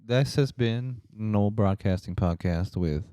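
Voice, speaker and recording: A man's voice: lowish voice, slow, dark tone. A young man co-hosting a podcast, tossing in crude jokes and profane asides. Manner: wisecracking, profane banter. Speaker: podcast co-host. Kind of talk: casual chat.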